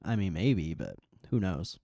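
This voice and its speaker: A man's voice: low voice, sing-song, measured pace, vocal fry, dark tone, no room sound, studio quality. A man hosting a casual livestream, reading viewer comments in a laid-back, swearing, joking way. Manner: laid-back, swears a lot, laughs often. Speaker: livestream host.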